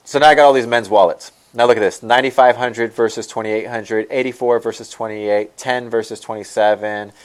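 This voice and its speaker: A man's voice: mid-range voice, steady tone, fairly quick, few pauses, clean tone. A man teaching an online selling lesson over a screen share. He rambles and repeats himself as he talks the viewers through it. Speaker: online store coach.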